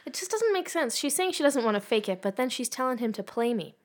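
Woman, podcast co-host, slightly high voice, wry and teasing, leads the segments. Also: very animated, fast. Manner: wry, sets up segments, reads lyrics aloud. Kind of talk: casual chat.

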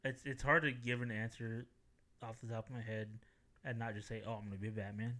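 A young man co-hosting a casual podcast chat among friends, loud, swearing and teasing. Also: medium pitch, level tone, fairly quick, slight background noise. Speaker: podcast co-host.

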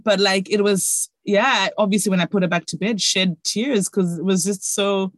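A young woman, speaking softly and reflectively in a heartfelt chat. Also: mid-range voice, steady tone, normal speed, no echo. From Zimbabwe. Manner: reflective, soft-spoken.

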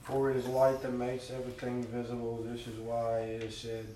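A man's voice: mid-range voice, normal speed, a little hiss or hum. A man reading a Bible passage aloud to his study group. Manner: quiet, steady reading. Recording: distant, echoey room with faint ambience.

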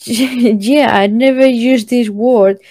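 A woman guest on a casual podcast, telling stories in an animated way with frequent laughs. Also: on the high side, slow, no room sound.

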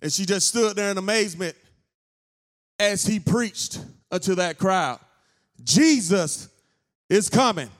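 A male pastor, telling a story in a sermon as an unhurried storyteller. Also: sits high, fairly bright tone. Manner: unhurried storyteller who builds to fervent preaching. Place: church sanctuary.

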